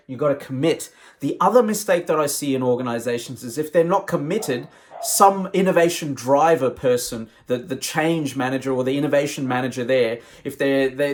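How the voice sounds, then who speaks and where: A man's voice: on the high side, a little mellow. A man, a professional speaker, giving an emphatic, conversational motivational talk.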